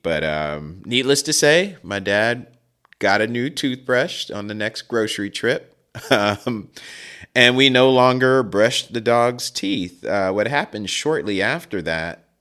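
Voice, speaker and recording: A man in his forties hosts a podcast and tells a long story in a relaxed, rambling way. His voice sits on the low side. He laughs to himself and breaks off for asides. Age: 40s. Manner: rambling, chuckling, frequent asides. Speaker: podcast host. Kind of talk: casual storytelling.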